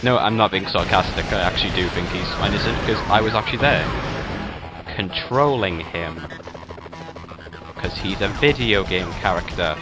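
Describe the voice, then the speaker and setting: A man's voice: deep voice, normal speed. A young man giving casual, rambling commentary over a video game walkthrough, often correcting himself mid-sentence. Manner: chatty, rambling, self-correcting. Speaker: gameplay commentator. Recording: game music behind voice. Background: game music and gunfire sounds.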